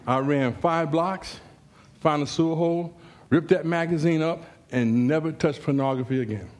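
Animated, joking male preacher. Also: on the high side, moderate pace. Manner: animated, jokey storytelling with rising exclamations. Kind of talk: sermon. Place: church.

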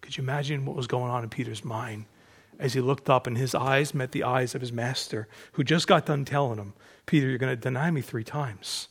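A man preaching a sermon, animated, acting out the disciples' voices and dropping to a hushed, slow voice for emphasis. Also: mid-range voice, breathy edge. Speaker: pastor.

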